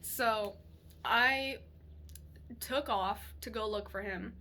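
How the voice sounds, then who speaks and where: A young woman vlogger telling a personal story in a chatty, animated way, swearing freely and laughing as she goes. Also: fairly high pitch, slow pace. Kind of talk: casual storytelling to camera.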